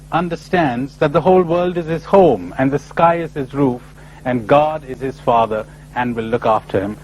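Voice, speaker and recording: A spiritual speaker from India, with a voice on the high side, gives a lecture packed with stories, told in an animated, playful, emphatic way. The rough recording carries a little hiss or hum.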